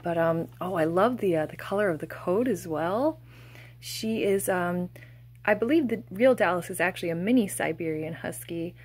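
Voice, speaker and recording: A young woman gushing softly as she unboxes plush toys, with breathy exclamations and a casual, fond way of talking. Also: lowish voice, normal speed.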